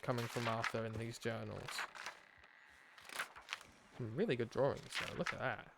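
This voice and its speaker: A male streamer comments on his gameplay in a blunt, sardonic way, swearing casually. His voice sits at a middling pitch, and there is a faint noise behind it. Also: fairly even intonation, normal speed, gravelly, long pauses.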